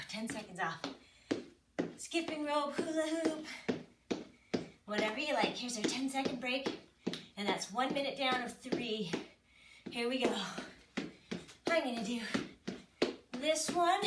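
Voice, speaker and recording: High-voiced woman leading a workout. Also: unhurried, long pauses. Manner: chatty, self-mocking, counts down and cues moves. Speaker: fitness instructor. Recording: echoey room, mic at a distance, noisy.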